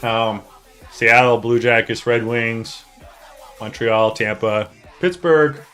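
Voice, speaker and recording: A man streaming live, talking straight to his chat in a joking, excitable way with the odd swear word. His voice sounds bright and forward, and faint music plays underneath. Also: mid-range voice, takes it slowly, smooth. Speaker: streamer hosting a hockey league draft.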